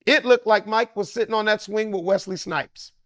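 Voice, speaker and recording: A man in his fifties, a guest comedian, telling an animated anecdote and acting out voices. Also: high-pitched, normal speed, dry recording, clean studio sound. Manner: lively, acts out other voices.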